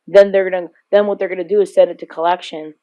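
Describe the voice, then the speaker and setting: A woman's voice: on the low side, steady tone, quick pace, warm tone. A young woman co-hosting a podcast in casual chat, telling stories at length, often laughing and swearing freely. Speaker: podcast co-host.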